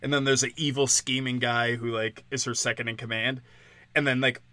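A man holds forth in a casual podcast rant, crude and sardonic, with plenty of swearing and mockery. His voice is bright and forceful, at a middling pitch. The sound is dry, close and without room echo. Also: level tone, brisk. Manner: mocking, slips into sarcastic quoted voices.

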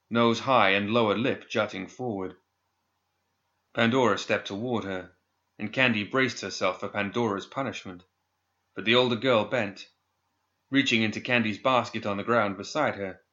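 A man narrating a story in a measured, scripted audiobook style. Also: lowish voice, sharp tone. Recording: dull lo-fi recording.

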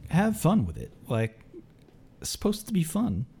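A man's voice: fairly high pitch, huge pitch swings, measured pace, gravelly, dark tone, a little hiss or hum. A man hosting a podcast in a laid-back way, swearing casually and laughing easily. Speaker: podcast host and commentator.

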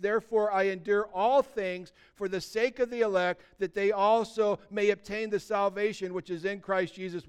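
A man preaches to his congregation with a voice that sits high for a man and rings smooth and clear. He tells stories with real emphasis and drives his points home through repetition. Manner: storytelling, emphatic with repeated phrases. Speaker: pastor. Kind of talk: sermon.

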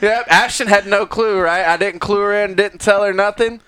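Male co-host, bright and high, jokey, quick to laugh. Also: fairly even intonation, clear, resonant tone, dry recording. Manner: laughs often, acts out quotes in a mock voice. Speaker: podcast co-host. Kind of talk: casual chat.

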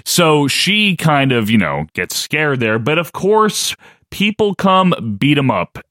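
A man's voice: a little high, very animated, slow pace, pushed and bright, no echo, clean studio sound. A man co-hosting a podcast, animatedly retelling events and quoting lines in casual chat. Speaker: podcast co-host. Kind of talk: casual chat recapping wrestling.

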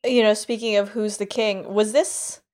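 A woman's voice: mid-range voice, steady tone, normal speed, darkish tone. A woman co-hosting a podcast, musing casually about a book with lots of fillers. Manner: loose, filler-heavy musing. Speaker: podcast co-host.

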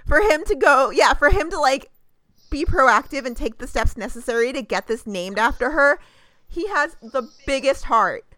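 A woman recapping a TV show on a podcast, gushing and animated, full of casual fillers. Her voice sits a bit high. It is recorded dry and close to the mic. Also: normal speed, no room sound. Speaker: podcast co-host.

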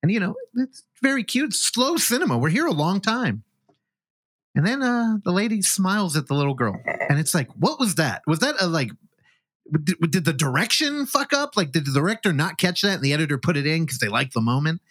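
A man's voice: fairly high pitch, sing-song, brisk, fairly bright tone, dry recording. A man hosting a film podcast, casually recapping a movie's plot with joking asides. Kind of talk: casual film review chat.

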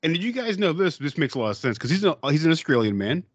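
A man's voice: fairly high pitch, sing-song, fast talker, slightly rough, no room sound, lo-fi sound. A man co-hosting a casual movie podcast, rambling and swearing, with many restarts. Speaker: podcast co-host.

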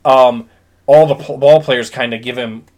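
A man's voice: mid-range voice, steady tone, unhurried, darkish tone. Earnest man retelling a film scene. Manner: earnest storytelling, acts out quotes. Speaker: podcast co-host. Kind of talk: casual chat.

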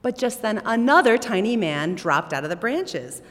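A woman telling a storybook tale aloud, expressive and animated. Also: on the high side, moderate pace. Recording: long hall reverb.

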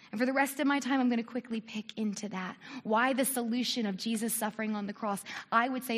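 Woman, from the United States, high voice, animated sermon, rhetorical questions, long hall reverb. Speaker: preacher.

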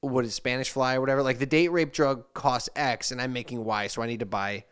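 A man's voice: mid-range voice, fairly even intonation, a little fast, a bit bright, clear, resonant tone. A man hosting a podcast, telling a rambling anecdote in casual chat and acting out the messages he quotes. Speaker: podcast host.

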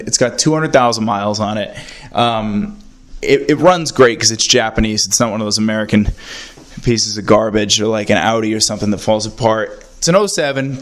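A young man telling a rambling, self-mocking story in casual monologue, swinging from muttered asides to loud outbursts and swearing freely. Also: medium pitch.

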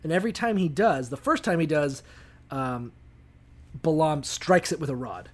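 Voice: medium pitch, animated, moderate pace. A podcast co-host retells a bible story in loose, joking language full of swearing. The talk is casual, with many fillers and restarts. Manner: profane, jokey, full of fillers.

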